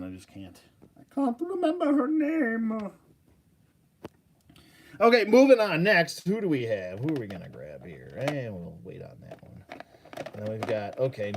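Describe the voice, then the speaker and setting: Man, mid-pitched voice, casual vlog chatter, jokey, rambling, self-mocking. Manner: jokey, rambling, laughs often, loses his train of thought. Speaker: toy collector.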